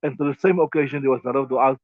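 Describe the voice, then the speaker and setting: A man with a South African accent, a mufti teaching a hadith class in a conversational way, with quick Arabic recitation. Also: mid-range voice, no echo, phone-quality sound. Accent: South African English.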